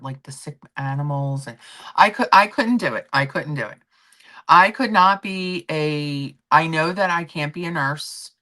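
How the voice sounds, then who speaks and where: A woman's voice: lowish voice, a bit bright. A middle-aged woman hosting a casual livestream, chatting in a rambling way and answering viewers' comments. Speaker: livestream host.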